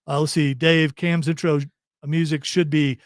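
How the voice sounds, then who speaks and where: Male co-host, from Ohio, a touch high-pitched, dry close mic, rambling and jokey. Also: flat delivery, dry recording. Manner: joking, rambling, quick to laugh. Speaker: podcast co-host. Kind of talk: casual chat reading stream comments.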